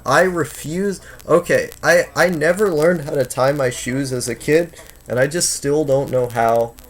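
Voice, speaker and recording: A man's voice: fairly high pitch, unhurried. A man in his twenties chatting casually on a live stream from home, reading chat aloud and rambling with lots of fillers and restarts. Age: 20s.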